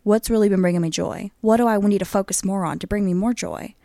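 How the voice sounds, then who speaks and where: A woman's voice: mid-range voice, quick pace, vocal fry, dark tone, dry recording, studio quality. A young woman co-hosting a casual podcast, chatty and upbeat, often breaking into laughter. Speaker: podcast co-host. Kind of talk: casual chat.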